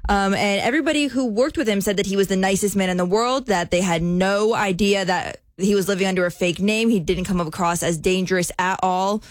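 A woman's voice: medium pitch, fairly quick, few pauses, dry recording, clean studio sound. Giggly woman radio co-host. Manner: giggly, self-deprecating. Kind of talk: morning radio banter and news story.

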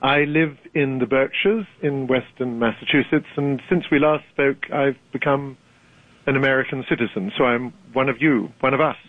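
This older man from Britain, with a British accent and a medium-pitched voice at normal speed, is a guest author on a radio interview. He talks articulately and wryly and laughs easily; the recording is a dry, tinny phone line.

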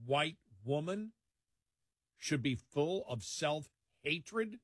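A man's voice: extremely slow, dry recording, clean studio sound. An older man from New York hosting a late-night talk radio show, speaking animatedly and acting out quoted voices. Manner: animated, acts out quoted voices with big pitch jumps. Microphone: studio microphone.

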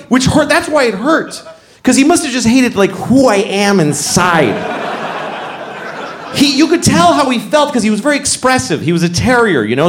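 A middle-aged man doing stand-up comedy, animated, often breaking into loud character voices. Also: sits high. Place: comedy club stage. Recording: echoey venue with noisy ambience.

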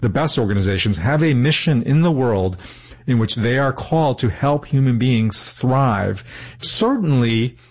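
A man being interviewed, explaining his ideas earnestly and thoughtfully, often restarting mid-sentence. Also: mid-range voice. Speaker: interview guest.

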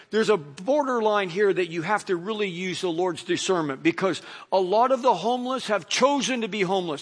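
A man's voice: sits high, fairly bright tone. A middle-aged male pastor preaching a sermon in a casual, conversational way, full of "you know" asides.

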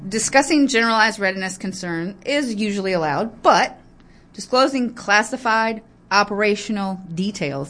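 A woman's voice: fairly low pitch, a bit bright, a little hiss or hum. A woman giving heated political commentary, ranting, apologizing in asides, and describing herself as getting worked up. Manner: fired-up, ranting, quick to get aggravated.

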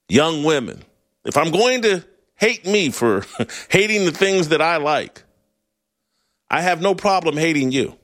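A middle-aged man hosting a sports talk show, delivering a blunt, opinionated monologue with frequent laughs and restarts. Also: fairly high pitch. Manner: animated, blunt, laughs often, restarts mid-phrase.

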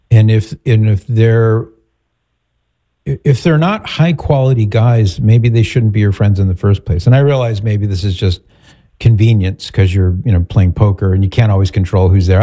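Direct man host, low and mellow. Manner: direct, steady advice giving. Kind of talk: advice talk show.

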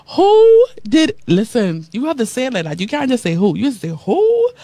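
A woman radio host preaching to listeners in a lively, repetitive style, reading out their texted comments. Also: medium pitch, a little fast, no room sound. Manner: animated preacherly delivery, repeating phrases, reading comments aloud. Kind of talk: preaching talk show with listener texts.

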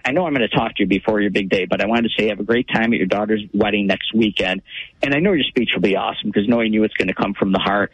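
Husky male caller on a muffled line. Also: lowish voice, fairly bright tone, dry recording. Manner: friendly, chatty caller. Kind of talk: call-in to radio show.

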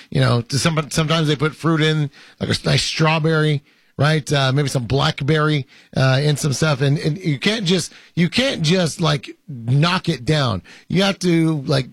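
Man, host, fairly high voice, gravelly, many fillers, playfully pompous, dry close sound. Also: a little slow, dry recording. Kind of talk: casual banter, reading viewer comments.

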